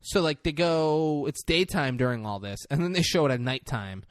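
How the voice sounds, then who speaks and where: A male podcast co-host in casual chat, retelling movie scenes with quick acted-out quotes and frequent laughs. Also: a little high, no echo, studio quality.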